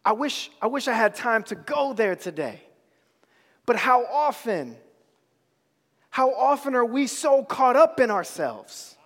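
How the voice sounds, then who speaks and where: High-voiced man preaching slowly in a hall. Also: very animated, a bit bright. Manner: repetitive, emphatic, casual slang. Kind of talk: sermon.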